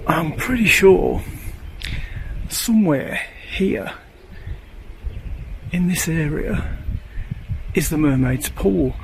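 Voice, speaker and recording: A man making an outdoor photography vlog, thinking aloud with pauses and fillers as he walks a hillside, out of breath. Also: on the high side, noisy background. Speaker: landscape photographer. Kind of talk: casual outdoor vlog narration.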